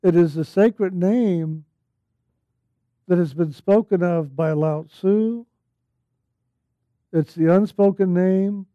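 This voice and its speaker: A man with a high, soft-edged voice gives a spiritual talk at an unhurried pace. He speaks earnestly, at times bursting into loud, laughing exclamations. The recording is dry and slightly dull. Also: dry recording. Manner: slow, earnest, bursts into yelling quotes and laughter. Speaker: spiritual teacher.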